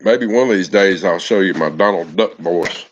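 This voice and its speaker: A man's voice: deep voice, moderate pace, highs cut off, a little hiss or hum. A man chatting on a casual live stream, folksy and affectionate, greeting viewers by name.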